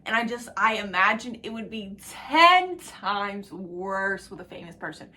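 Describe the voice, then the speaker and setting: Young woman vlogging, chatty and rambling, bright clear voice, swears a lot, goes quiet and whispery then loud again. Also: medium pitch, a little slow. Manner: rambling, excitable, profane, laughs and drops to whispers. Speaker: book vlogger. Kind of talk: casual chat to camera.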